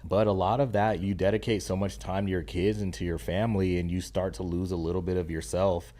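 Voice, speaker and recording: Deep, mellow-voiced man, earnest and emphatic. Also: little pitch movement, a little fast. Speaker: podcast guest, stay-at-home dad and content creator. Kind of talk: casual interview conversation.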